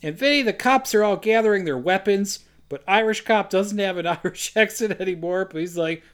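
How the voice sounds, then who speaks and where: A man co-hosting a casual comedy podcast, recapping a film plot with sarcastic asides and quick jokey quotes. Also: high-pitched, clear, resonant tone. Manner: sarcastic, quick asides, acts out lines in silly voices.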